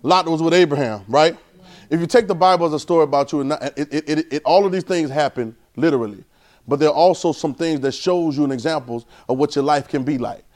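A man preaching a sermon in a casual, conversational way, quizzing his congregation and often climbing to an excited pitch. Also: fast.

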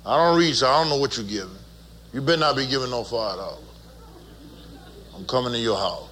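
A man's voice: mid-range voice, animated, fairly quick, a bit bright, slight background noise. A man preaching as a pastor, folksy and teasing, leading his congregation in call-and-response. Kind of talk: sermon.

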